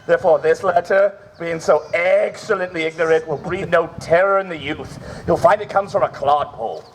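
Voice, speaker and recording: A man's voice: normal speed, a little hiss or hum, lightly acted. Man playing a scheming old drunken knight. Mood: plotting. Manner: declamatory, booming stage delivery. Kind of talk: outdoor Shakespeare stage acting. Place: outdoor park stage.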